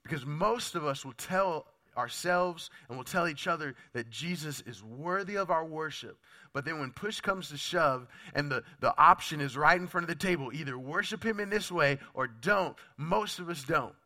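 A man's voice: a little high, lively intonation, normal speed, bright, forceful tone. A man preaching a sermon, his voice sounding off from a lingering cough illness, talking conversationally and putting direct questions to the congregation. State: sick, voice sounds off. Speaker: pastor.

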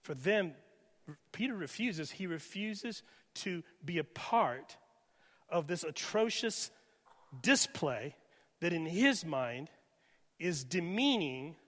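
A male pastor preaching a sermon with dynamic delivery, moving from loud emphasis to hushed near-whispers. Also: on the high side, expressive, slow, pauses often. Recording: reverberant hall.

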